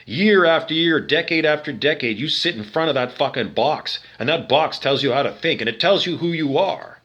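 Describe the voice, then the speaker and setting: A man's voice: a little high, moderate pace, a bit bright. A man from Canada ranting to the camera, agitated and profane, repeating himself and firing off rhetorical questions. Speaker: video monologue speaker.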